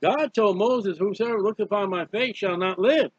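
A man's voice: high-pitched, normal speed, slightly rough, no echo. A man preaching a fervent, emphatic Bible study sermon, repeating key phrases. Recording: dull lo-fi dry recording.

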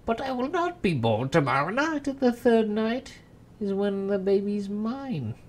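A reader voicing a boastful, mocking little imp man in a storybook read-aloud, loud and taunting with sudden high leaps. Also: big pitch swings, a little slow.

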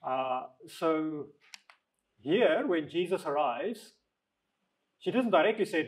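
A man with a somewhat high voice guides a small Bible study group. He talks casually, reads scripture aloud at a slower pace and keeps turning questions back to the room. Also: lively intonation, poor audio. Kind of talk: leading a group Bible discussion.

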